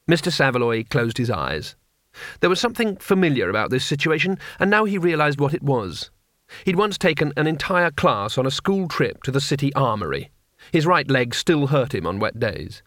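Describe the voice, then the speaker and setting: A man giving a scripted audiobook narration with expressive storytelling. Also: mid-range voice, moderate pace, no echo, clean studio sound.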